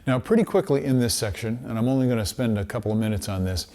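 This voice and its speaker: Male music teacher, easygoing lesson delivery, mid-pitched voice, sounds out syllables to demonstrate. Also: fast talker. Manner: relaxed explanatory, demonstrates syllables aloud. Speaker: trumpet teacher. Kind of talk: instructional lesson.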